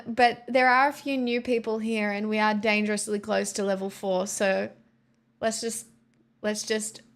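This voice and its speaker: A woman hosting a live stream, chatting casually with a sarcastic, joking manner. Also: a little high. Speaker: livestream host.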